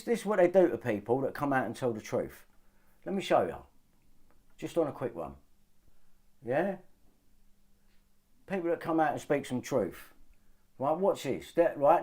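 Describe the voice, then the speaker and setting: Swearing man on a lively rant. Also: on the high side. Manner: agitated, swearing, repeats himself. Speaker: vlogger. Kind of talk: ranting monologue to camera.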